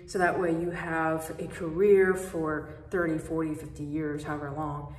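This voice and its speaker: A woman's voice: deep voice, flat delivery, normal speed. Candid woman talking from an echoey distance. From from abroad, moved to America as a child. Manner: candid, conversational, many restarts and fillers. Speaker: speaker sharing a personal story. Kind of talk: reflective personal talk.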